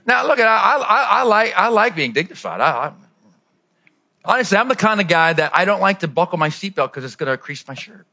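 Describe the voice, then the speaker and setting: A man preaching a lively sermon as pastor, dropping to low asides and rising to shouted peaks. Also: brisk, highs cut off.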